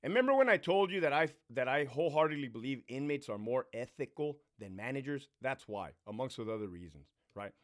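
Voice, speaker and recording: Profane, animated man ranting a story. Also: brisk, few pauses. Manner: profane, animated, swings between loud bursts and low mutters. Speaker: vlogger telling a story. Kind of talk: casual storytime rant.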